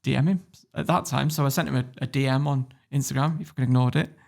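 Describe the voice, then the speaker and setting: A man from Warrington with a northern English accent, telling stories as a podcast guest in a casual, animated way, swearing freely. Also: mid-range voice, quick pace, creaky. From Warrington, England. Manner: animated storyteller, swears freely, laughs often. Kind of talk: casual interview storytelling.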